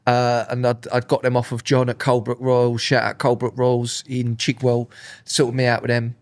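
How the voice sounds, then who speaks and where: A man's voice: medium pitch, moderate pace. A man, chatting casually on a podcast and acting out what others said in his stories. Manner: animated storyteller, acts out quoted voices. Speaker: podcast co-host. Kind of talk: casual chat.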